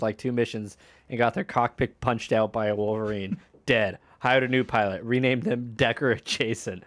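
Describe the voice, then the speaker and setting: A man's voice: mid-range voice, fairly even intonation, normal speed, fairly bright tone. A man casually chatting while streaming a strategy game, laughing often and swearing in passing. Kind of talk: casual gaming stream chat.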